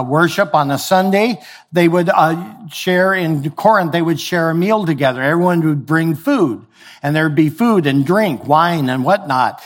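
A man preaching a sermon in a conversational way, explaining scripture with everyday examples. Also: on the high side. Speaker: pastor.

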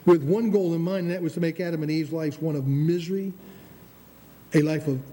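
A man's voice: fairly high pitch, fairly even intonation, brisk, dark tone. Man preaching a sermon in a reverberant hall. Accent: Michigan Upper Peninsula. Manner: emphatic, repeats phrases, stumbles on words. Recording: reverberant hall with faint ambient noise.

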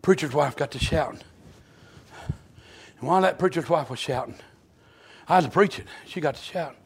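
A man preaching a fervent revival sermon in a church, moving between quiet storytelling and loud shouted exclamations. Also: a little high, moderate pace, gravelly, husky. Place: church sanctuary.

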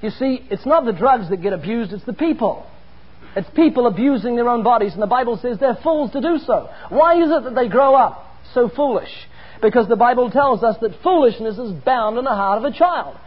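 A male preacher delivers an earnest, emphatic sermon with personal anecdotes. His voice sits high and sounds slightly husky. The recording is dull and lo-fi. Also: animated, brisk.

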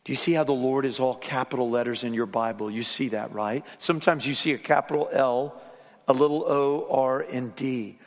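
A male pastor preaching a sermon, swinging from lively emphasis down to soft, hushed tones. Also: medium pitch, moderate pace, big-room sound.

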